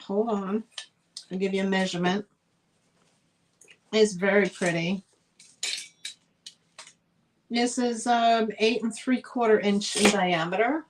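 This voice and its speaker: A woman's voice: medium pitch, steady tone, slow, pauses often, a little hiss or hum, low-quality recording. A woman hosting a live online sale, chatting as she describes items for auction.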